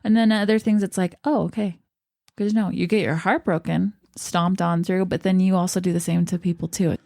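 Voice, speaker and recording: Young woman host, casual reminiscing chat, slightly low pitch, dry. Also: fairly even intonation, creaky, dark tone, dry recording. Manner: chatty, reminiscing, quick asides. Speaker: podcast host.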